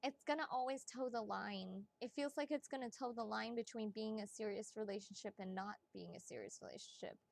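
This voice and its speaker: A woman giving psychic readings on a casual live stream, chatty and excitable, swearing freely and talking straight to her viewers. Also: medium pitch, a little fast, vocal fry, few pauses, no room sound.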